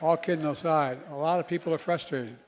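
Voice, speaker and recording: An older man, a politician, addresses a crowd in a public speech. His voice sits a bit high for a man. He stumbles and mumbles through phrases and restarts them, and now and then he drives a line home with sudden loud emphasis. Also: steady tone, a little fast, a little hiss or hum.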